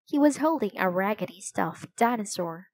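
A woman reading a children's chapter book aloud in a clear, measured storytelling manner. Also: mid-range voice, expressive, a little mellow, no echo, rough recording. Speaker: storybook reader.

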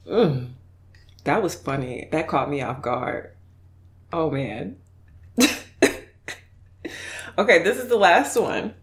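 A woman mukbang YouTuber chatting casually and effusively while reacting to video clips, laughing often. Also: fairly low pitch.

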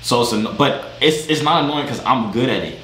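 A man chatting with strangers on a video chat, loud, joking and slangy, in a gaming room. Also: mid-range voice, brisk. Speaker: vlogger chatting with strangers online. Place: gaming room with sound panels. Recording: echoey room, faint background noise.

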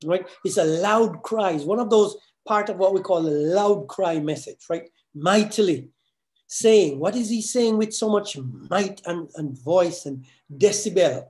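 A man preaching a verse-by-verse sermon as pastor, often repeating words and asking "right?", slowing down to stress key phrases. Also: high-pitched, mellow. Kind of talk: sermon teaching on scripture.

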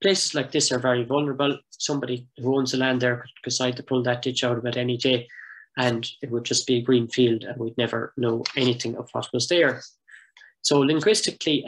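A man who coordinates a heritage project, giving an online presentation with maps and speaking in a thoughtful, measured way with frequent fillers. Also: mid-range voice, fairly bright tone, poor audio.

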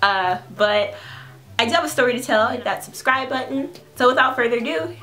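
A woman in her twenties, a food vlogger, telling a funny story in a casual, animated way, often breaking into laughs. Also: a little high, a little fast. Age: 20s.

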